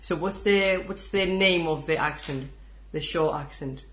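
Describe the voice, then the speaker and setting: A woman's voice: low-pitched, unhurried, a bit bright, slight background noise. A woman co-hosting a language-learning podcast, chatting casually, teasing her partner and laughing through her lines. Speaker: Spanish teacher and podcast co-host. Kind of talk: casual chat between hosts.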